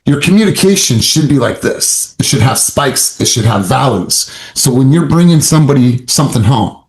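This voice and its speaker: A male sales coach delivers his session in an emphatic, motivational way, repeating key points for effect. His voice sits at an ordinary middle pitch. The room around him rings with noticeable echo. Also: expressive, moderate pace. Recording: roomy echo.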